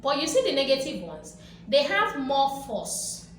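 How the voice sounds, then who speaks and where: A woman's voice: high-pitched, big pitch swings, unhurried, fairly bright tone. A woman hosting a motivational talk, speaking emphatically and repetitively, with playful acted-out quotes. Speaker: motivational video host. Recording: very echoey room with faint background noise.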